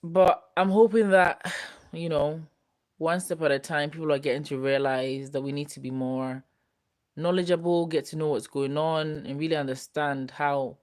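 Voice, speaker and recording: A young woman, chatting casually on a live stream as she reads viewer comments. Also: low-pitched. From United Kingdom. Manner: chatty, relaxed, talks straight to viewers. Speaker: host reading viewer comments.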